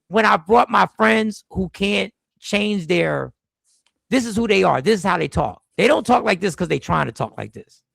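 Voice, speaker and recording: A man hosting a casual podcast chat, talking in an animated, emphatic way with frequent restarts. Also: sits high, creaky, no echo. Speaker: podcast host.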